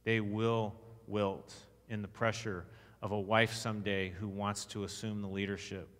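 A man's voice: lowish voice, little pitch movement, unhurried, fairly bright tone. A man with a Texan accent giving a sermon-style teaching, emphatic, asking the audience questions and reading scripture aloud. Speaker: conference speaker. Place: church hall. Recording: long echo of a church hall.

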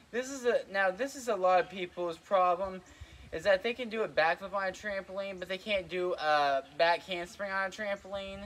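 A man's voice: high voice, fairly bright tone. A young man giving casual trampoline tips, rambling with lots of fillers and a little out of breath. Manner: rambling, lots of "like" and "kinda", repeats himself. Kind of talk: casual instructional vlog. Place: outdoors on a trampoline.

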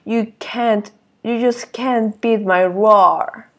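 Brief: woman putting on a boastful prankster dinosaur for a storybook read-aloud, gravelly and unhurried. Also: fairly high pitch, steady tone, fairly bright tone, exaggerated voice. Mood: teasing. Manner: teasing, gloating. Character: mischievous boastful male dinosaur.

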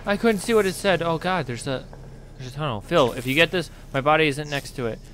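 A young gaming YouTuber commentates a horror game while playing, jumpy and panicky, screaming and swearing whenever something startles him. His voice is fairly high and fairly quick, over heavy background noise.

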